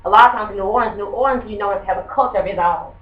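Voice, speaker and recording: A woman's voice: medium pitch, rapid-fire. Woman teaching from across the room. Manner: rambling, conversational, quizzes the class. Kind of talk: classroom lesson. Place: classroom. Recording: muffled echoey room from far off.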